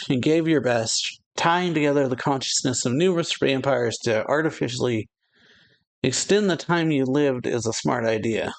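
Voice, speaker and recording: A man's voice: mid-range voice, normal speed, creaky. Man reading manga aloud and laughing. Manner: reads dialogue aloud in a raised voice, laughing often. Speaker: manga reaction host. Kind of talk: casual manga read-aloud with commentary.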